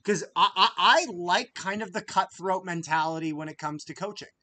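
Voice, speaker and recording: A man calling a game as an emotional fan, his voice fairly high and bright-edged. He drops into low muttering, then bursts out loud, stammering and repeating himself when frustrated. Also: moderate pace. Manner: emotional, swings between grumbling and excited shouting. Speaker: fan streamer commentating a live game. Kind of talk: live fan play-by-play commentary.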